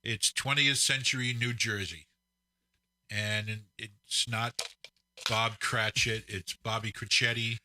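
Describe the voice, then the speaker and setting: Bright-toned middle-aged male co-host. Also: on the low side, steady tone, slow, no echo. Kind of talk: casual chat.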